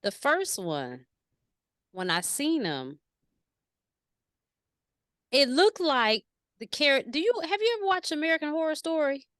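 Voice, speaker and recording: A woman with a bright, forceful voice and a slightly high pitch tells stories in an animated, slangy way. Her voice is recorded dry and close, with no room sound. She is chatting casually in an interview. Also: a little slow, pauses often, no echo. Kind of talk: casual conversation.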